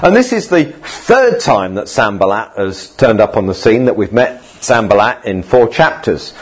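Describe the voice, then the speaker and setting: A man's voice: on the low side, very animated, normal speed, slightly rough. A man preaching a sermon in a conversational way, now and then acting out quoted voices.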